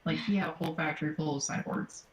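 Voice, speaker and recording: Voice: mid-range voice, quick pace. Player, casual chat, hesitant musing, echoey room. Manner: thinking aloud, loose and hesitant. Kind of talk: casual game-table chat.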